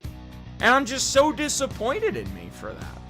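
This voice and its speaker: High, animated young man streaming games. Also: measured pace, soft background music. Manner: rambling, self-critical, swears often. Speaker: game streamer. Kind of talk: casual live-stream chat.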